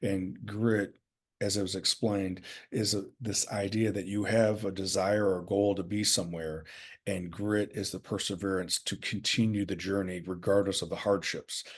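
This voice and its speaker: A man hosting a podcast interview, thoughtful and affirming, speaking with halting fillers. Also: low-pitched, flat delivery, slightly rough. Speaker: podcast host.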